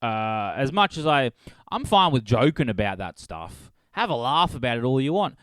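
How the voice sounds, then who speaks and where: Man, comedy podcast host, smooth resonant voice, dry close mic, rambling, profane. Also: medium pitch, sing-song, normal speed, a bit bright, no room sound. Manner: profane, rambling, laughing at own jokes. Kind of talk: solo comedy podcast rant.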